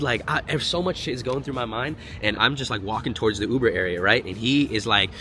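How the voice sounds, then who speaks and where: A young man telling a storytime vlog in an animated, slangy and profane way. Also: medium pitch, fairly quick, few pauses, slight background noise. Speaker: vlogger.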